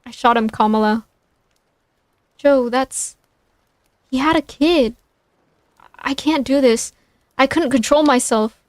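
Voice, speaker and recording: A woman voicing a guilt-stricken elderly male leader who speaks in halting, shaken lines. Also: high-pitched, no echo, clean studio sound. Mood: anguished.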